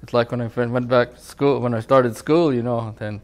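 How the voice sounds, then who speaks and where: A man's voice: mid-range voice, fairly even intonation, moderate pace. An older man from California, a tribal elder, telling his life story in a rambling oral-history interview, often saying "you know". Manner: rambling, leans on "you know", acts out quoted voices.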